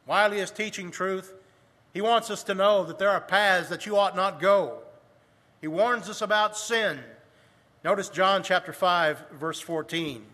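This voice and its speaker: A man preaching from the pulpit, his voice high and bright. He reads scripture in old-fashioned wording and slows down to stress key phrases. The sound carries a long reverb, as in a large church. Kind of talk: sermon.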